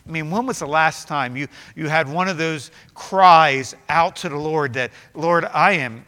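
Man, pastor, high voice, fervent sermon, repeats his phrases, church sanctuary. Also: normal speed, sharp tone, smooth, big-room sound. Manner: rising to fervent, emphatic preaching with repeated phrases.

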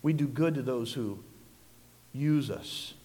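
A man preaching a sermon as pastor, swinging from hushed, quiet passages to loud shouted peaks. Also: medium pitch, slow, breathy edge. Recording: long hall reverb.

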